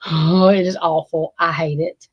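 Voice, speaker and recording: A woman's voice: low-pitched, flat delivery, measured pace, husky, dry recording, muffled recording. A woman, chatting casually with her livestream viewers in a rambling, profane and emphatic way. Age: 40s. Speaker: livestream host.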